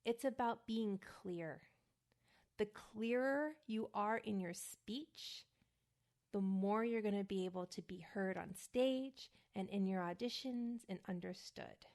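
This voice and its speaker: A woman from the United States giving a casual spoken lesson as host of her show. She talks slowly and carefully, saying single words for the listener to repeat, and sounds a little worn out. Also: medium pitch, darkish tone. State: a little worn out, feeling hot. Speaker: acting coach and podcast host.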